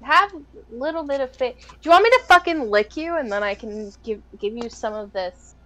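A woman's voice: on the high side, lively intonation, brisk, sharp tone. A woman joking with friends while gaming, playful and teasing with some swearing. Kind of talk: casual chat while gaming.

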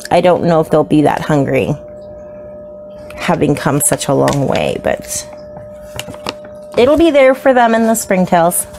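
A woman's voice: deep voice, big pitch swings, unhurried, creaky, pauses often, darkish tone, faint music behind. A woman narrating a casual unboxing of her new pets, gushing and slipping into baby talk. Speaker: isopod hobbyist vlogger.

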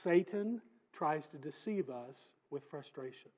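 High-voiced man preaching emphatically. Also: animated, unhurried, husky, muffled recording. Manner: emphatic, swings between loud and soft, conversational asides. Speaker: pastor. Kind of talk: sermon. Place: church sanctuary.

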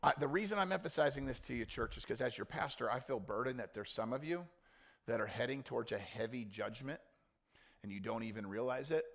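A male pastor preaching a blunt sermon, dropping to quiet intensity and then rising into loud, mocking quoted voices. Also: medium pitch, a little fast, gravelly.

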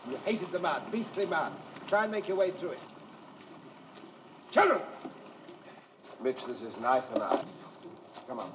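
A man's voice: a little high, sing-song, fairly quick. A man directing actors on an outdoor film set, coaxing and instructing them in a fussy way, heard on a dull, noisy archival recording.

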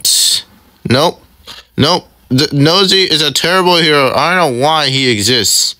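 A man's voice: a little high, measured pace, sharp tone, no room sound, voice pushed up. A man playing a smug male serial killer who bluntly taunts his wife in a casual fan roleplay. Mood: taunting.

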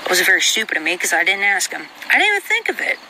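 Young woman ranting at home, swearing a lot, sharp bright voice. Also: medium pitch, huge pitch swings, rapid-fire, slight background noise, low-quality recording. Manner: agitated, heavy swearing. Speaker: vlogger. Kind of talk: venting monologue.

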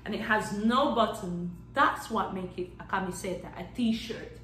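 A woman teaching a children's Spanish lesson in a playful, animated way. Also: mid-range voice, normal speed, reverberant, recorded from a distance, poor audio. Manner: animated and playful, claps out syllables, counts down magic tricks.

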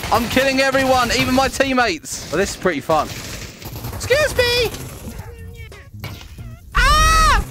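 A young British man giving loud, excitable commentary while playing a game, often shouting and laughing. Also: high voice. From Britain. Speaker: gaming YouTuber. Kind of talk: casual gameplay commentary.

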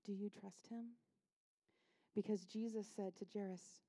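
A woman's voice: medium pitch, fairly even intonation, measured pace, pauses often, mellow. A woman pastor preaching a sermon in a church, conversational and impassioned, acting out voices and dropping to near-whispers at tender points. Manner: conversational, acts out voices of people and Jesus. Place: church sanctuary.

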